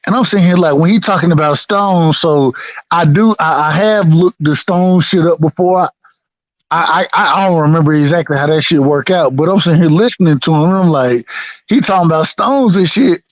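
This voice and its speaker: A high-voiced man from the States chats about boxing in a loose, profane, easygoing way, often circling back to the same phrases. His voice is recorded dry, with a slightly muffled, dull tone. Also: a little fast, no echo. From United States. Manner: laid-back, profane, laughing, repeats himself. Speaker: boxing podcast co-host. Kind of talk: casual chat.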